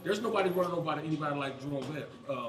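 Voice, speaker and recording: A former football player spins a lively locker-room tale, his voice sitting fairly high and bursting loud whenever he acts out a teammate. The room is echoey and a crowd murmurs behind him. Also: rapid-fire. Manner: animated storyteller, yells quoted lines. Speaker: former NFL player, panelist. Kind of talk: casual sports chat, storytelling.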